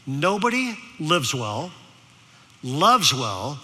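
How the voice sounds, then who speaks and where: A man's voice: fairly high pitch, big pitch swings, very slow, bright, forceful tone. A man preaching a sermon as pastor, telling stories and checking in with the congregation by asking "okay?". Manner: storytelling with repeated "okay?" to the audience. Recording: long hall reverb.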